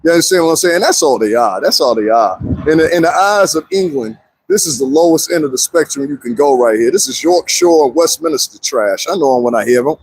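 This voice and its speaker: Animated husky man live-streaming. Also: fairly high pitch, fairly quick, no room sound. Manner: animated, talks straight to viewers, frequent laughs. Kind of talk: casual live-stream commentary.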